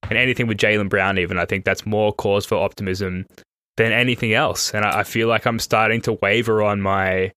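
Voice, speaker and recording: A man's voice: fairly low pitch, fairly even intonation, brisk, bright, forceful tone, no echo. A man hosting a podcast, chatting in a rambling, self-correcting way that turns enthusiastic. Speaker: podcast host. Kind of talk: casual analytical chat.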